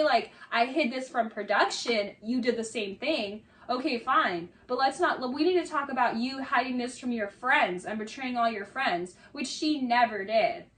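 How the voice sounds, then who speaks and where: High-voiced, exasperated woman commentator. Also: fairly bright tone, far from the mic. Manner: sarcastic, exasperated, many "like" fillers. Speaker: video essay commentator. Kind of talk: casual commentary on a reality show.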